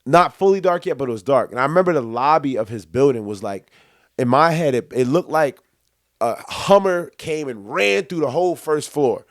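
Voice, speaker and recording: A man's voice: on the high side, expressive, moderate pace, no room sound, clean studio sound. A young man co-hosting a podcast, telling a long story in casual chat, acting out quotes and laughing often. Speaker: podcast co-host.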